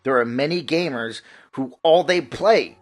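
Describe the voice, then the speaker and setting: A man's voice: on the high side, measured pace, soft background music. A man hosting a gaming vlog, ranting in a profane, heated and mocking way. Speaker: gaming channel host.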